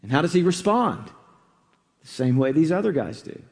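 A man preaching a sermon, conversational and unhurried, with fillers and restarts. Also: a little high, sing-song, vocal fry, a little mellow, in a large hall.

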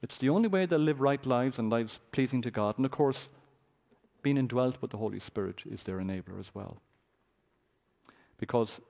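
A man's voice: mid-range voice, warm tone. A man preaching a sermon, reading scripture aloud with a dramatic, raised voice.

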